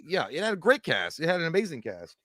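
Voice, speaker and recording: Fast-talking man co-hosting a stream. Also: fairly high pitch, huge pitch swings, a crowd in the background. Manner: rambling, blunt and profane. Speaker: co-host. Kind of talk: casual live-stream chat.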